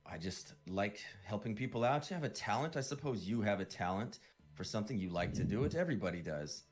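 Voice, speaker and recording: A man voicing a cryptic fortune-teller who speaks in mysterious, drawn-out pronouncements. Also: fairly low pitch, animated, soft background music, close to an everyday voice.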